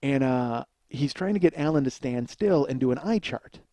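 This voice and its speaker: A man's voice: mid-range voice, animated, moderate pace, dark tone, dry recording. A man hosting a podcast, telling a comic story in a profane, exasperated ranting way. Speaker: podcast host. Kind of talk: comedic storytelling monologue.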